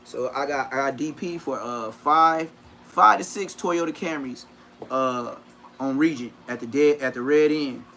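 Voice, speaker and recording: A man in his 30s, unhurried and medium-pitched, spins profane stories on a casual livestream with a little hiss or hum behind him. He's animated and raises his voice when acting out people's quotes.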